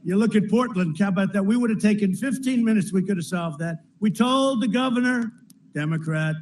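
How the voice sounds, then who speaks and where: A man's voice: high-pitched, brisk, a little mellow, slight background noise, rough recording. A man giving a campaign rally speech, rambling and repetitive, with frequent asides to the crowd. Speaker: politician addressing a rally. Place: large rally venue.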